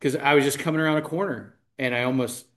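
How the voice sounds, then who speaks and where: A man's voice: mid-range voice, fairly even intonation, quick pace, a bit bright. A man leading a Bible study group, telling anecdotes in casual talk and acting out what people said. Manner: storytelling, acts out anecdotes.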